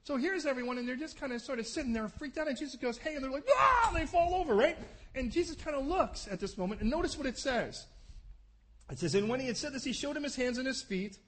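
A man preaching a sermon, animated, acting out scenes with voices. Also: extremely high pitch, fast. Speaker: pastor.

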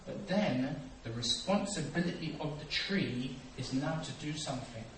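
Preacher in an echoey hall. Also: male voice, fairly high pitch, normal speed. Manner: animated storytelling, acts out dialogue, swings from quiet to loud. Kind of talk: sermon. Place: church hall. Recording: echoey hall, distant mic, noisy.

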